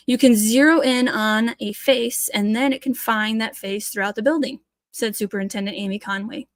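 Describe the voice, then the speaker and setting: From her home, a woman with a Michigan accent and a fairly high-pitched voice runs a laid-back news commentary show. She reads articles out loud, then erupts into passionate rants full of sarcastic asides. The studio-quality recording has no room sound.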